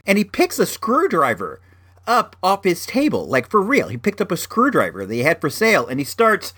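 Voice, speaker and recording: A man tells a story in a casual, rambling way, full of fillers and restarts. His voice sits a little high for a man and swings widely up and down as he gets into the telling. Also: huge pitch swings, moderate pace, a bit bright.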